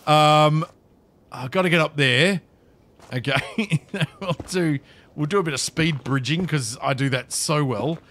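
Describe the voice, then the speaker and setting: A man's voice: on the high side, measured pace, fairly bright tone. A man giving casual gameplay commentary, talking to himself as he plays and repeating phrases with nervous chuckles. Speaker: gaming video creator.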